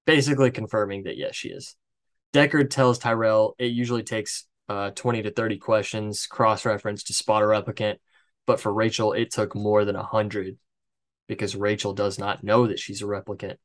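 A man's voice: fairly low pitch, little pitch movement, normal speed. A man hosting a podcast, recapping a film plot from his notes in a casual, chatty way, with swearing and joking asides. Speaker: podcast host. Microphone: headset.

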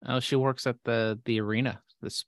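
A man's voice: mid-range voice, fairly even intonation, normal speed, no echo, studio quality. A man in casual chat, hesitant with many fillers and wry asides. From Spokane area.

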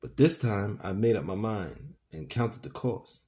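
A man's voice: fairly low pitch, lively intonation, measured pace, dark tone. A man reading aloud and voicing a cruel, raging plantation master who growls through his teeth and thunders. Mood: menacing.

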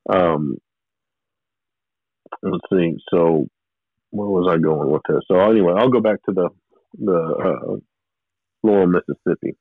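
A man telling his own story as an interview guest, rambling and halting in an earnest, confessional way. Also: deep voice, gravelly, no room sound. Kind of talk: personal testimony in conversation. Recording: narrow phone-like line, dry.

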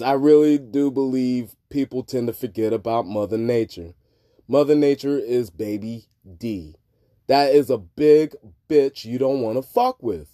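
A man hosting a podcast, talking in a rambling, profane monologue that swings between low mutters and loud outbursts. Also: no echo, clean studio sound. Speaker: podcast host. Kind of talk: casual monologue.

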